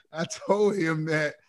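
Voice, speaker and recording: A man chatting casually, reminiscing animatedly and laughing as he tells family stories. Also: a little high. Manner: animated storyteller, laughs often.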